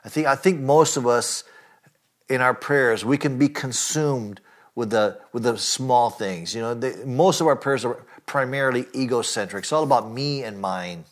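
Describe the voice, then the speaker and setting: A man preaching a sermon in an earnest, emphatic way. He speaks at an ordinary middle pitch and keeps putting direct questions to his listeners. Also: moderate pace. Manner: earnest preaching with rising emphatic lines and frequent fillers. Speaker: pastor.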